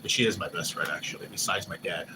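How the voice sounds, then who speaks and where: Excitable male livestream host, noisy room. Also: sits low, fast. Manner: loose, excitable, swears casually, quotes others in lifted voices. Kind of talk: casual live-stream chat. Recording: noisy background hum.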